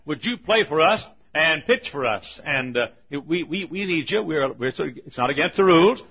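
A man's voice: fairly high pitch, expressive, moderate pace, slightly rough, highs cut off. A man voicing a meek Catholic priest who pleads hesitantly. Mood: pleading.

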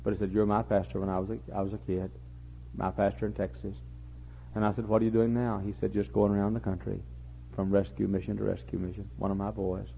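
An older man preaching a sermon, repeating his phrases and building to impassioned, near-shouting peaks. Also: fairly low pitch, little pitch movement, quick pace, vocal fry, slight background noise. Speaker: pastor. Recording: muffled lo-fi recording.

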